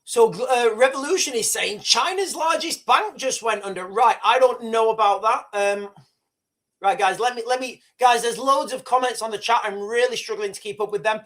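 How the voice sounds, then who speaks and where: A man hosting a live news commentary stream, rambling and excitable with many restarts, boastful and opinionated. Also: very high voice, moderate pace. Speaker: livestream host.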